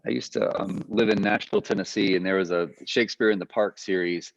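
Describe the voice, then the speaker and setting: Low-voiced man lecturing conversationally. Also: steady tone, fairly quick, creaky, dry recording. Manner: loose, thinking aloud with fillers. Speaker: guest lecturer. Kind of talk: conversational teaching. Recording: muffled lo-fi audio.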